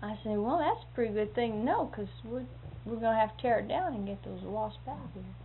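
Woman, animated storyteller, acts out voices and sound effects, highish voice, tinny narrow recording, faint hiss. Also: a little fast. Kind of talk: casual anecdote telling.

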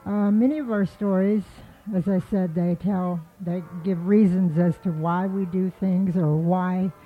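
A woman telling an animal folk tale in a relaxed, rambling storytelling manner. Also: on the low side, unhurried. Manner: relaxed, with frequent fillers and restarts. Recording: tinny phone-like line with faint music.

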